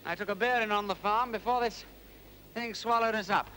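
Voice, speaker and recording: Posh lord, jaunty and clipped, high bright voice, faint hiss on old tv tape. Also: male voice, a little fast. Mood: breezy commanding. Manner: jaunty, clipped aristocratic banter. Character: breezy upper-class English lord, gentleman detective. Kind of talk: 1970s TV crime drama acting. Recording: 1970s TV film sound, light hiss.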